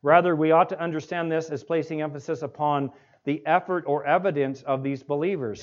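Guy preaching a sermon, kinda high voice, keeps asking the crowd questions, muffled lo-fi sound. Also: steady tone. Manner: asks the congregation rhetorical questions, slows words down for emphasis. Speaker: pastor. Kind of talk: expository sermon. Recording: dull lo-fi recording.

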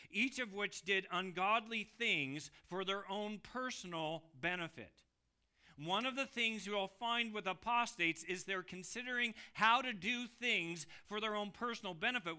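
A bright, clear-voiced man delivers a sermon with strong emphasis. His fairly high voice drops to a hush and then swells into loud, drawn-out cries. The sound is crisp and penetrating throughout. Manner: emphatic, swings from hushed to loud exclamations. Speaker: preacher.

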